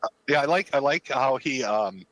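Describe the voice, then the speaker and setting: A man joins a casual livestream and teases the others with crude humor. His pitch swings widely and his tone is bright and forceful. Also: lively intonation, normal speed, dry recording, low-quality recording.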